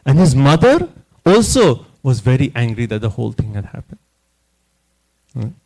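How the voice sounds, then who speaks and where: A man giving a scripture class at a temple, telling the story in an animated way and often checking in with "you know" and "right?". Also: medium pitch, normal speed, poor audio.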